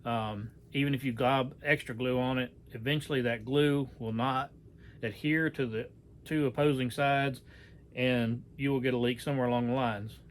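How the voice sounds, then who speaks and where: Man, middle pitch, casual workshop demo delivery, rambling with fillers, faint background hiss. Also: fairly even intonation, moderate pace. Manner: folksy, rambling, many fillers and self-corrections. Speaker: archery how-to presenter. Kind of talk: casual hands-on demonstration.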